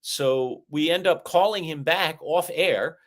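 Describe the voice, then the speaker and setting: A middle-aged man co-hosts a live sports talk stream, his voice sitting slightly high for a man. He tells long stories in a lively, animated way, speeding up and slowing down as he goes. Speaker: co-host. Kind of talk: casual sports talk show chat.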